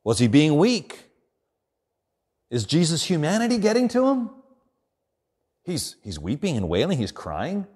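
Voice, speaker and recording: Man, pastor, sermon, earnest, fairly high voice, hushed emphatic drops. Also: huge pitch swings, breathy edge. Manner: earnest, dropping quiet and slow for emphasis.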